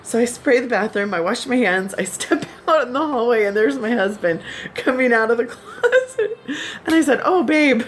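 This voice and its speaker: A woman's voice: on the high side, very animated, moderate pace. A woman talks casually to her subscribers, breaking into giggles often as she tells her stories. Her voice swings widely up and down, and a faint hiss sits under the recording. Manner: giggly, laughs often while telling stories. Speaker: vlogger.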